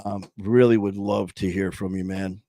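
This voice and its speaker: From a small home studio, a man hosts a sobriety support livestream, telling his viewers a story in a casual, earnest way. He rambles, restarting often and using lots of fillers. His voice is low, mellow, and flat in delivery at a moderate pace, with a dry recording.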